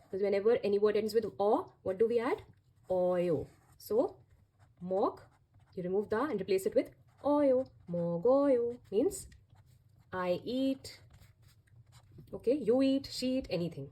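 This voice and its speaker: A woman giving a language lesson in a warm, mellow voice with a breathy edge. She explains patiently and spells out every step, repeating key words so learners can follow. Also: medium pitch, measured pace, long pauses. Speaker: Korean language teacher.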